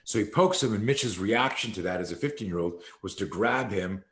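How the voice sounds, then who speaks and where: A man's voice: fairly low pitch, lively intonation, fairly quick, fairly bright tone. A man, a martial arts instructor, telling a long story in an interview and acting out quoted dialogue. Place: live video call.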